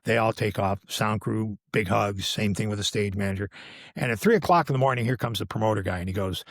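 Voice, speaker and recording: Older man, podcast guest, gravelly and husky, dry close sound, animated storyteller acting out quotes. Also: on the low side, a little fast, no echo. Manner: animated, acts out quoted dialogue with sudden raised exclamations. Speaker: podcast guest, veteran live sound engineer. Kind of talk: casual storytelling anecdote.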